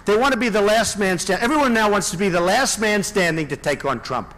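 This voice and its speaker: A man's voice: sits high, animated, brisk, a bit bright. A man giving a campaign rally speech, boastful and rambling, with many asides to the audience. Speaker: political candidate.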